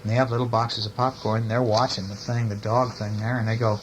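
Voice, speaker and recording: An older man reading a bedtime story to children, animated and expressive, with chatty asides. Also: lowish voice, quick pace, a little hiss or hum.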